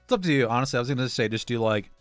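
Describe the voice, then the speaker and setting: A man's voice: mid-range voice, expressive, racing, clean tone, no room sound, soft background music. A man co-hosting a coding livestream, chatting casually, joking and guiding his partner through the code. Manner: encouraging, joking, guides the coder. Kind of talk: casual chat while coding.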